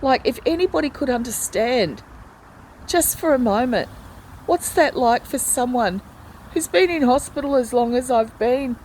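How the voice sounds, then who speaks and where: A woman's voice: high voice, lively intonation, moderate pace, a little mellow, slight background noise, low-quality recording. A woman speaking in a personal video diary from a hospital ward, retelling in a distressed, pleading way how she has been treated. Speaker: hospital patient vlogger.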